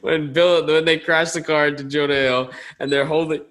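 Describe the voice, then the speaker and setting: A young man co-hosting a podcast in casual chat, relaxed and laughing mid-sentence as he recounts scenes. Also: on the high side, moderate pace. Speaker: podcast co-host.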